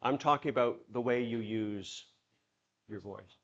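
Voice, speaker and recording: Guy running a church workshop, mid pitch, kinda dull lo-fi sound, acts stuff out. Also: unhurried. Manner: animated, acts out examples in put-on voices. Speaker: workshop leader. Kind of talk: workshop talk to a church audience.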